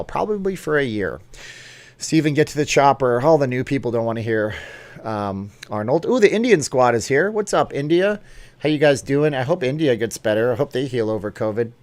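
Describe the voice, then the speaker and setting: A man's voice: mid-range voice, lively intonation, a little fast. A man hosting a casual livestream vlog, chatting in an upbeat way and jumping between topics as he reads viewer comments. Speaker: YouTube vlog host.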